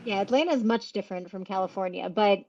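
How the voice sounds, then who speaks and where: A woman's voice: medium pitch, fast talker, heavy background noise. Chatty woman podcast host, muffled. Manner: chatty interviewer. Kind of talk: casual interview. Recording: slightly muffled audio.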